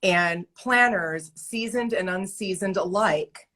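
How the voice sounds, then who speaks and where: A woman guest on a video call, telling animated, exasperated stories in a casual interview chat. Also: mid-range voice, slow pace. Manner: animated storyteller, emphatic and exasperated. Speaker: guest, event entertainer and author. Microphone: remote video call.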